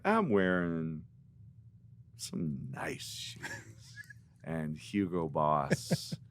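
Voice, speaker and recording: A middle-aged man, a guest musician, telling animated, rambling stories in a podcast interview. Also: extremely low pitch, slight background noise. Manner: animated storyteller, rambling with restarts.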